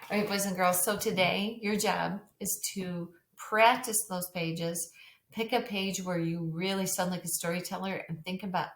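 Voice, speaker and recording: A woman's voice: on the low side, steady tone, moderate pace. A woman teacher giving a recorded reading lesson, talking patiently and directly to young children. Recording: roomy echo.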